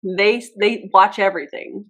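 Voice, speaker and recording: A woman's voice: mid-range voice, steady tone, unhurried, fairly bright tone. A woman hosting a casual reaction video, frank and sarcastic, often laughing at an old clip of herself.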